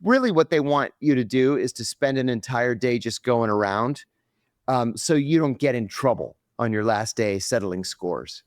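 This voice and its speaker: A man's voice: medium pitch, normal speed, dry recording. Middle-aged guy spinning a yarn on a podcast, acts out the voices, dead dry mic. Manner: lively storyteller acting out quoted voices. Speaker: podcast guest. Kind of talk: storytelling in a podcast interview.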